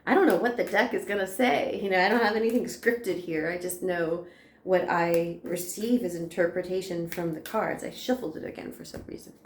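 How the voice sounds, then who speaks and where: A woman's voice: fairly low pitch, a little fast, roomy sound, a little hiss or hum. An American woman giving a casual, chatty spiritual card reading, reassuring and laughing often. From United States. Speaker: tarot reader.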